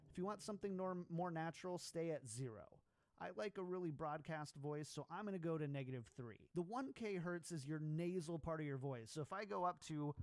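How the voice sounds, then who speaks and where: A man walks a live-stream audience through audio settings in a methodical, step-by-step way. His voice sits a bit higher than most men's. A loud, steady hiss of noise runs under every word. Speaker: streamer explaining audio setup. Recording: heavy background noise.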